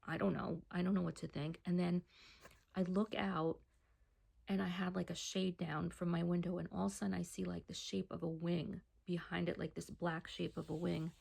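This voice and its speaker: Woman telling her story kinda hushed, almost whispering, super gravelly fry, lowish voice. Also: level tone, moderate pace. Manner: hushed, often dropping to a near whisper. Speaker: person giving a personal testimony. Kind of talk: casual first-person storytelling.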